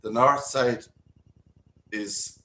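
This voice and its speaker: A man's voice: mid-range voice, steady tone, extremely slow, pushed and bright. A man from Ireland chiming in to a casual livestream chat with jokes. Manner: joking, chimes in. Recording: echoey room, faint noise.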